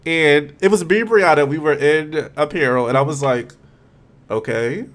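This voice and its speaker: A young man from Philadelphia with a Philly accent, a podcast guest telling stories fast and bluntly in casual chat. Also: fairly high pitch. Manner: talks fast and blunt, animated storytelling.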